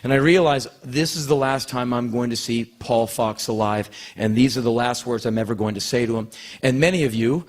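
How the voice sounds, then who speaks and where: Animated male spoken-word storyteller. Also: medium pitch, a little fast. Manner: animated, acts out quoted voices; rambling, repeats words when emotional.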